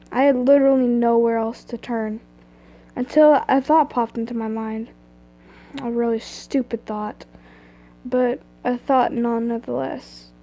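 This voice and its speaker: A young woman reads fan fiction aloud on a live stream in a high, mellow voice. Her delivery is casual and loose, with stumbles over words and chatty asides. She sounds like she is talking into a phone or computer mic. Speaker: reader.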